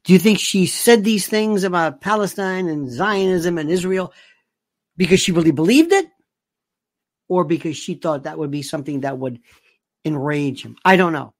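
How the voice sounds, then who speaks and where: Gravelly, chatty male commentator, dry sound. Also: on the high side, expressive, normal speed, no room sound. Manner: chatty, emphatic, repeats himself for stress. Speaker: online commentator. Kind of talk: casual commentary to camera.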